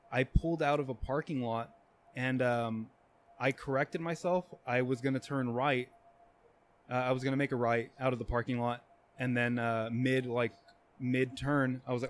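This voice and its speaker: Rambling, foul-mouthed young man. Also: mid-range voice. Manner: rambling, profane, many fillers. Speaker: podcast guest. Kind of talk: casual storytelling.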